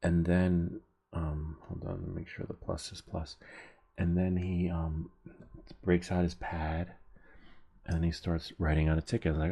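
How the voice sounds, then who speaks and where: Gravelly low-voiced man chatting while soldering. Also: level tone, normal speed, mellow. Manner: rambling, chuckling storyteller. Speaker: host of a soldering livestream. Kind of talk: casual chat while soldering.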